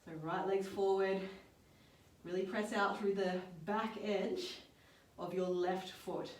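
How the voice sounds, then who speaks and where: A woman leading a yoga and strength workout, calmly cueing each move and breath. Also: mid-range voice, takes it slowly, distant mic. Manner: calm step-by-step cueing with breath counts. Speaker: fitness and yoga instructor. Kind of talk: guided workout instruction. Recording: roomy sound, voice off-mic.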